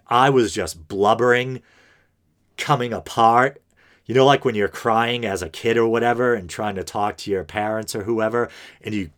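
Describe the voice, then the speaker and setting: A man's voice: on the low side, fairly bright tone. A man hosting an unscripted podcast, talking in an earnest, rambling way with lots of fillers and restarts. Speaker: podcast host.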